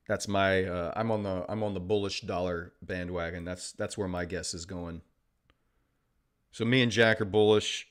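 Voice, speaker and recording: Joking livestream host, low voice. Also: male voice. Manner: joking, sarcastic, reads chat aloud. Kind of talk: casual live-stream chat with viewers.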